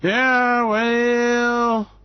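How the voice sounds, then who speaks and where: A man's voice: very high voice, flat delivery, very slow, smooth, no echo, voice pushed up, full character voice. A man voicing a folksy male farmer who drawls and brushes off the losses. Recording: muffled lo-fi recording.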